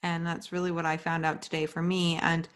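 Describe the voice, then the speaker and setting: A woman's voice: lowish voice, monotone, brisk, fairly bright tone, smooth. Chatty woman, lots of "like" fillers. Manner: chatty, many "like" fillers, candid and swearing. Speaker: podcast host. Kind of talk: casual solo podcast monologue. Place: home at night.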